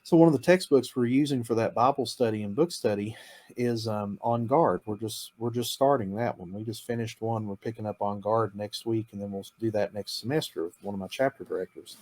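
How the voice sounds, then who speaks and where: A man's voice: lowish voice, fairly quick, darkish tone. A man who works in campus ministry, talking in a casual interview, eager and upbeat, laughing often and acting out the voices of others. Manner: enthusiastic, laughs often, acts out students' voices. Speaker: campus missionary.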